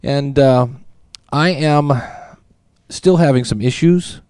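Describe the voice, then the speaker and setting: A man's voice: fairly high pitch, slow pace, a little mellow, smooth, no echo, clean studio sound. A man hosting a weight-loss podcast in a casual, chatty, self-deprecating way, reading listener emails aloud. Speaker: podcast host.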